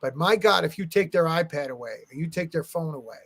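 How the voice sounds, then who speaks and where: A gravelly middle-aged man spins profane stories in a relaxed conversation. He acts out the people he quotes, and his pitch sits a little high. The sound is dry and close. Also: a little fast, dry recording. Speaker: guest, comic artist and art agent. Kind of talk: casual storytelling chat.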